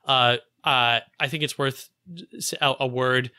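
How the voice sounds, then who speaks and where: Homme enthousiaste à la voix claire. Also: male voice, mid-range voice, level tone, a little slow, bright, forceful tone, smooth, no echo, clean studio sound. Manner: enthusiastic, heavy on "like" fillers. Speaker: podcast co-host. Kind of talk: casual film discussion.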